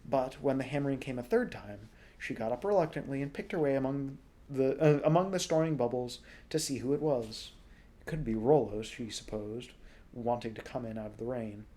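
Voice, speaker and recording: Relaxed man reading a storybook aloud. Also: medium pitch, moderate pace. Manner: relaxed, with small slips and self-corrections. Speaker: audiobook reader.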